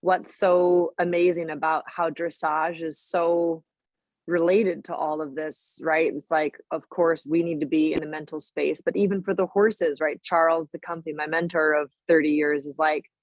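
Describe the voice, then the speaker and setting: A woman's voice: low voice, flat delivery, moderate pace, no echo. A woman hosting a video call meeting, an enthusiastic dressage trainer chatting casually with many "like"s. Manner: enthusiastic, filler "like" and "right?". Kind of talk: casual chat.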